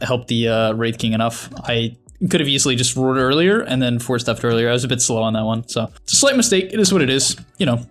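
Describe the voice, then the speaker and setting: A man with a medium-pitched voice commentates his own gameplay, thinking aloud casually. He critiques his plays, restarting sentences and letting out quick laughs.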